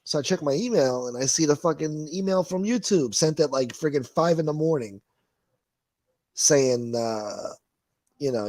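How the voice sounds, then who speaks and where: Animated and on the high side, with a slightly mellow tone, a man speaks at normal speed with no room sound. As livestream host he reads the chat out loud, riffing with crude, rambling wisecracks and calling people "boy."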